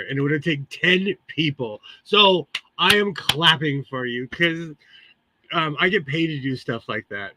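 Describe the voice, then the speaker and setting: A man's voice: on the high side, pushed and bright, no room sound. A Californian man hosting a live sewing stream, chatting casually with viewers and laughing often between remarks. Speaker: livestream host. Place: home sewing room.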